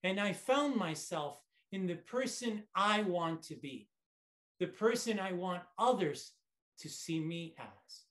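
A man giving a memorized contest speech as a reflective story, in short phrases with dramatic pauses. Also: sits high, expressive, a bit bright. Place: online conference.

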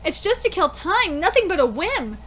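A detached male water god, read aloud by a woman, cool and distant. The voice stays high and lively in pitch despite the chill, with faint ambience behind. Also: moderate pace, a little hiss or hum, exaggerated voice.

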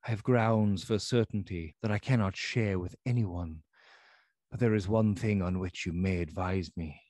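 A man's voice: deep voice, normal speed, darkish tone, no echo, lightly acted. A man reading the part of a feverish, frightened middle-aged doctor who pleads in agitation. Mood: earnest.

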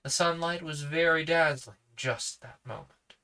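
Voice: mid-range voice, measured pace, sharp tone, smooth. Sleepy, casual, reading a novel aloud, podcast narrator. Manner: casual asides between narration. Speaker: podcast reader.

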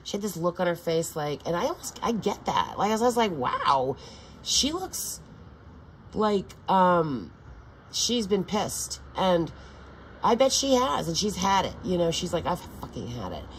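A woman's voice: lowish voice, sing-song, moderate pace, slight background noise, rough recording. An older woman vlogging in a meandering, profane monologue full of restarts. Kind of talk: rambling casual monologue.

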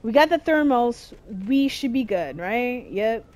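A woman's voice: a little high, lively intonation, measured pace, a little mellow. Exasperated young woman playing a game. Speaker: gameplay streamer. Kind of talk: let's play commentary.

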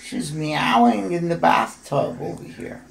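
Man on the high side, gravelly, talks to his cats in cooing baby talk at home on a phone. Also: big pitch swings, unhurried, a little hiss or hum. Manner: coos in high baby talk to the cats, then plain chatty asides. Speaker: cat owner filming his pets. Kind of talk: casual home video, talking to cats. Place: home bathroom, indoors.

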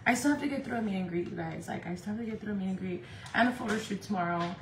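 Racing along in a medium-pitched voice, this Indio, California woman does her makeup live and keeps it casual: lots of chatter, swearing, frequent laughter and bits of Spanish. The room echoes, with a little noise underneath.

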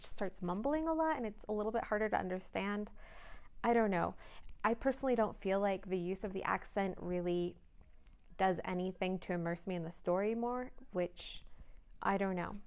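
A woman's voice: mid-range voice, smooth. A young woman reviewing books in a casual vlog, chatty and thinking aloud with frequent hedges. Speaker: book reviewer.

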